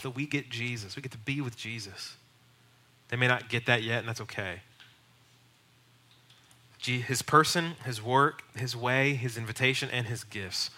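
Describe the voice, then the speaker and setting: Male pastor, very bright tone, earnest teaching, emphatic bursts. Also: medium pitch, moderate pace. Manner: earnest, emphatic, builds to raised urgent bursts. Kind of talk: teaching on evangelism.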